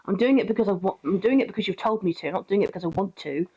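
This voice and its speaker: A woman's voice: medium pitch, lively intonation, very fast, mellow, slightly rough, dull audio. A woman voicing a moody, grumbling teenage male puppy who mutters in exasperation.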